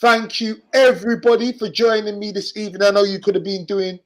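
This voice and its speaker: A man's voice: high voice, flat delivery, brisk, low-quality recording. A man with a Cockney accent hosting a casual live stream, chatty and upbeat, repeating phrases for emphasis. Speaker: vlogger and live-stream host.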